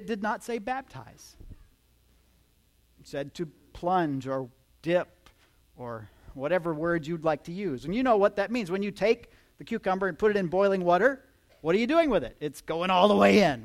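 High-voiced preacher, lively and joking. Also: male voice, normal speed. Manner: lively teaching with joking asides to the congregation. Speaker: pastor. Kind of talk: sermon. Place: church before a live congregation.

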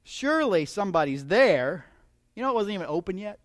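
A man's voice: high-pitched, sing-song, brisk. A man preaching a conversational sermon, chatty and humorous, often asking his listeners questions. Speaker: pastor.

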